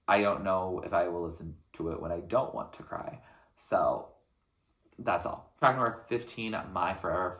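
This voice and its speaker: A man reacting to an album track by track, talking in an earnest, thoughtful way with frequent pauses between phrases. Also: low-pitched, vocal fry, fairly bright tone, echoey room. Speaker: music reaction channel host. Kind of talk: reflective album reaction commentary.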